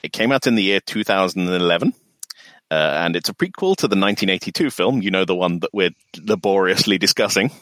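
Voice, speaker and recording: A man trades casual banter on a podcast, his pitch swinging lively as he mocks himself. His humor is dry and self-deprecating. The sound is close and dry. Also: quick pace, no room sound. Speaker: podcast co-host.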